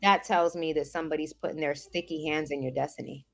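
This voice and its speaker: A woman's voice: low voice, steady tone, quick pace, faint music behind. A woman giving a spiritual motivational talk, addressing listeners in an emphatic, preacher-like way with streetwise directness and chanted repetitions. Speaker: spiritual life coach.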